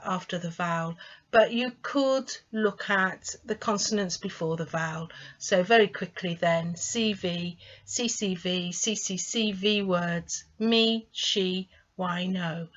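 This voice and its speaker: A woman tutor teaching English pronunciation, sounding out syllables clearly and encouraging the learner. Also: mid-range voice, fairly bright tone. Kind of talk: teaching phonics lesson to camera. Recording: slightly dull lo-fi sound.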